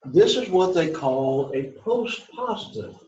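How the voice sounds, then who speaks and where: A man's voice: on the high side, big pitch swings, slow, darkish tone. A man teaching an introductory Greek class in a classroom, repeating phrases and often checking in with "right?" and "okay?". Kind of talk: classroom lecture. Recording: roomy classroom, dull lo-fi sound.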